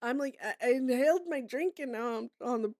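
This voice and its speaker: A woman's voice: sits high, a little fast, a little mellow, no room sound, studio quality. Chatty, swearing young woman streamer. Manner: chatty, laughing, swears freely. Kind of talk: casual chat to stream viewers.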